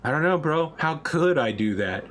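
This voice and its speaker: A man's voice: on the high side, animated, normal speed, fairly bright tone, slight background noise, voice pushed up. A man voicing a laid-back, unbothered young male fantasy hero who talks in nonchalant, casual bro-speak.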